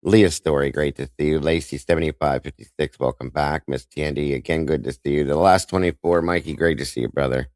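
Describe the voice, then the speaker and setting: A man hosting a live stream, speaking in an emotional, halting way with many restarts and greeting viewers by name. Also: very deep voice, steady tone, a little mellow, dry recording. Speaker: livestream host.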